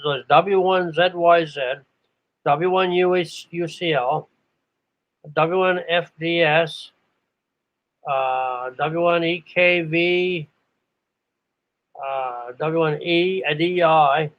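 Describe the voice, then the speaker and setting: A man's voice: on the high side, steady tone, drawn-out words, pauses often. An older man from New England reminiscing about radio operators, meandering and stopping to search aloud for names. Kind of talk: rambling reminiscence. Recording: muffled lo-fi recording.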